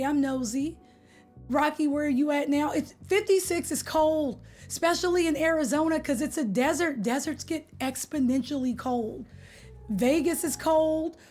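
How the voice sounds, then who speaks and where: A young Californian woman with a bright, high voice chats casually with her live stream viewers. Her talk is loose, playful and packed with slang, and she greets people by name. Soft music plays quietly behind her.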